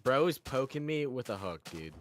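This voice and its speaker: A man's voice: medium pitch, sing-song, moderate pace. A man laughing and teasing friends over voice chat while gaming, with plenty of filler words. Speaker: Minecraft server player.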